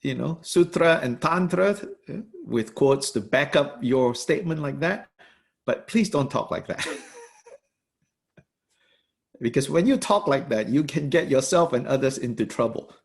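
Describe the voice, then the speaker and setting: A man lectures on a religious text as a Buddhist teacher, speaking in a thoughtful, halting way. His voice has a gravelly edge and moves up and down widely in pitch. He fills his pauses with soft fillers and laughs lightly now and then. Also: animated. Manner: laughs lightly while explaining.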